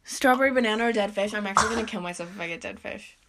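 A woman's voice: mid-range voice, rapid-fire, very noisy. A woman co-hosting a casual chat among friends, exclaiming often and laughing easily. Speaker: podcast co-host.

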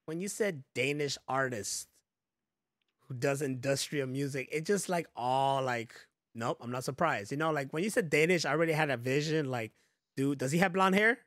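A man's voice: mid-range voice, moderate pace, a bit bright, no echo, studio quality. A man co-hosting a podcast, joking and laughing through loose, profane casual chat. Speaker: podcast co-host.

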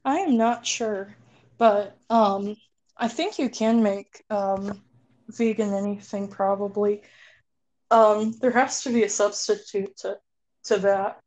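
A woman co-hosting a casual podcast chat, giggling often and filling pauses with um and like. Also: mid-range voice, darkish tone. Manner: giggly, drawn-out, lots of fillers. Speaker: podcast co-host.

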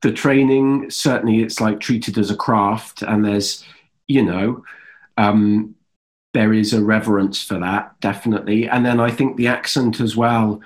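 Relaxed English actor, easygoing tone. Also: male voice, on the low side, a little slow. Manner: relaxed, easygoing storytelling with fillers. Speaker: actor, guest. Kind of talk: casual interview chat.

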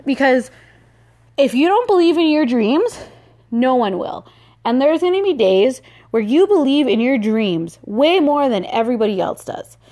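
A woman's voice: fairly high pitch, darkish tone. A woman hosting a solo motivational podcast, chatty and upbeat with lots of filler words. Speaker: podcast host.

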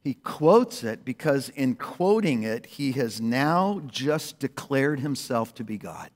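A man preaching a sermon as pastor, animated, jumping between loud exclamations and hushed asides. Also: medium pitch, slow pace. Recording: long hall reverb.

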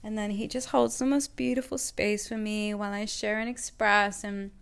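Chatty young woman with a gravelly voice. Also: mid-range voice, little pitch movement, moderate pace. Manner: chatty, with many "like" and "you know" fillers; warm and earnest about her feelings. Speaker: vlogger. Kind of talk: personal storytelling to camera.

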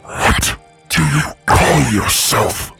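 A man doing a slow, breathy angel creature. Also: a little high, lively intonation, sharp tone, faint music behind, exaggerated voice. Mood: ominous. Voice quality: breathy and husky. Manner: slow and measured. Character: slow, breathy inhuman angel, sexless and ancient.

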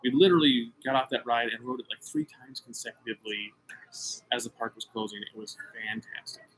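A man's voice: medium pitch, a little fast, fairly bright tone, slightly rough. A middle-aged American man and podcast co-host, telling a story in casual chat with emphatic, self-mocking energy.

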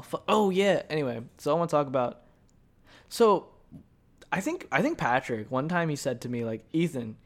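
A man's voice: fairly high pitch, sing-song, brisk. Rambling, profane young man podcasting. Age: young adult. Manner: rambling, profane, joking storytelling. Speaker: podcast host. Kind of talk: casual solo podcast monologue.

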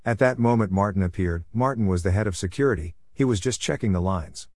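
A man's voice: on the low side, lively intonation, brisk, few pauses, a little mellow, dry recording, studio quality. A man narrating a story for a podcast with wry, humorous asides.

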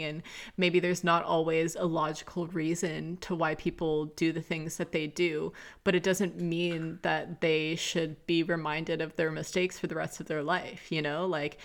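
Low, gravelly-voiced woman podcaster. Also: little pitch movement, moderate pace. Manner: conversational, full of fillers like "like" and "you know"; candid, confessional storytelling. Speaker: podcast host. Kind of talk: casual solo podcast monologue.

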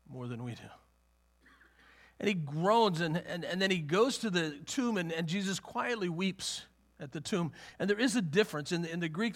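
A male pastor with a somewhat higher-than-usual voice relates a personal story from the pulpit, speaking haltingly with repeated words and little chuckles.

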